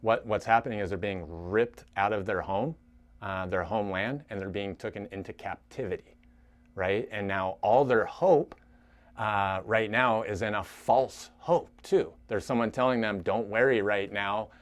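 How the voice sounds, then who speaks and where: A young adult man giving an earnest, halting church teaching talk to a recovery group. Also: fairly low pitch. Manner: earnest, halting, frequent restarts.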